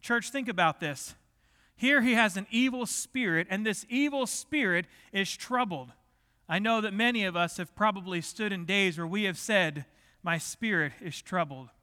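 With a high, pushed and bright voice at normal speed, a middle-aged pastor delivers his sermon conversationally and jokes with the people in the pews. The setting is a large church sanctuary, and a long hall reverb colors the recording.

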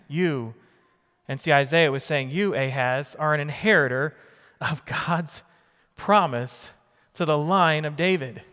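In a large hall, a pastor with a fairly high, somewhat bright voice preaches emphatically. He repeats key phrases and puts questions to the congregation.

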